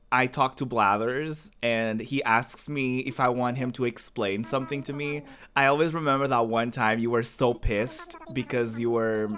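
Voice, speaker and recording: A man's voice: medium pitch, fairly bright tone, smooth. A man from the American South chatting casually on a game stream, rambling, restarting his sentences and answering his chat as he plays. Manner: talks back to viewer chat as he plays.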